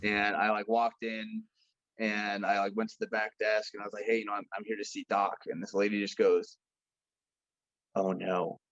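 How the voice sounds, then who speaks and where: A young man tells stories in a casual, animated way, with plenty of swearing, and acts out the voices of the people he quotes. His voice sits fairly low. The sound is dull and lo-fi, like a video call, with no room echo. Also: brisk. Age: young adult. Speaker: podcast guest. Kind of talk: casual storytelling chat.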